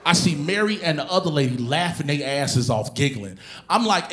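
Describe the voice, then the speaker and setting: A man performing a stand-up comedy routine on stage, telling animated, profane stories and bursting into shouted impressions. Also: a little high, moderate pace. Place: comedy stage before a live audience.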